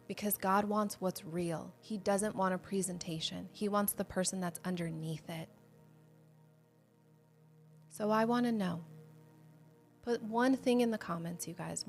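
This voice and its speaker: A woman with a mid-range voice leads a livestreamed devotional teaching in an earnest, conversational way. She talks straight to her viewers and candidly shares her own faith struggles. Soft music plays faintly underneath. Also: medium pitch. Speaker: host of a Bible study show.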